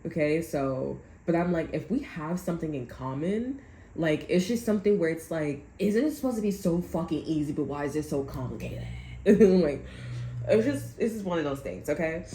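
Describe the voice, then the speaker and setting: A woman's voice: sits low, expressive, moderate pace, dark tone. A woman doing a casual vlog rant as a tarot reader, rambling, swearing and laughing often. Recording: echoey room with faint noise.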